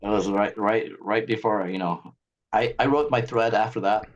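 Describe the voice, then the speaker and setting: A man who is a guest on an interview, talking in an animated, ranting way and acting out the voices of others. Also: lowish voice, normal speed, muffled recording. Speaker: guest, eye surgeon. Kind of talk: casual interview talk.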